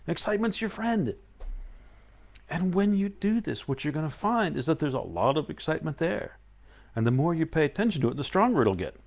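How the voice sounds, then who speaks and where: A man giving a live-streamed spiritual talk, animated and playful, often acting out excited inner voices. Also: a little high, fairly quick, vocal fry. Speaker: spiritual teacher.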